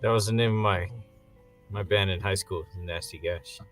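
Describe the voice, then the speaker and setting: A man's voice: low voice, steady tone, moderate pace, faint music behind. A man chatting casually as a co-host, throwing in dry joking asides. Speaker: podcast co-host. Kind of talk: casual chat.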